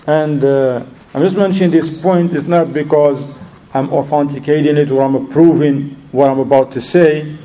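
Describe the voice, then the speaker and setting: A man's voice: a little high, steady tone, moderate pace, mellow, poor audio. A man teaching a religious lesson, telling stories and asking his audience questions, often repeating words as he searches for them. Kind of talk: lecture with storytelling.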